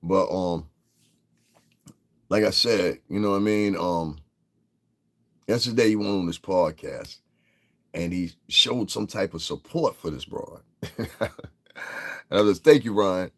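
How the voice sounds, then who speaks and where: A man's voice: sits low, slow pace, pauses often. A man, hosting a podcast and riffing on the news in a profane, rambling, repetitive way. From New York. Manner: profane, rambling, repeats himself. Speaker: podcast host. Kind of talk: casual livestream commentary.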